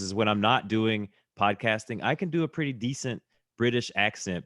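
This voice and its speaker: A man's voice: lowish voice, a bit bright, no room sound, studio quality. A man co-hosting a podcast, recapping segments in a laid-back, amused way. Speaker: podcast co-host, wrestling reviewer. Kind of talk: casual podcast review chat.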